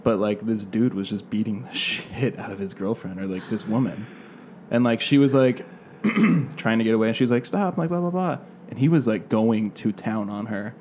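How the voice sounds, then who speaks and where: Lower-pitched male co-host, relaxed rambling storyteller, swears casually. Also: normal speed, a little hiss or hum. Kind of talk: casual chat.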